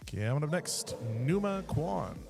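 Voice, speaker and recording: A man's voice: fairly high pitch, sing-song, measured pace, creaky, over music. A man commentating a weightlifting meet in a chatty, storytelling way, announcing the lifters. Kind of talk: live sports commentary.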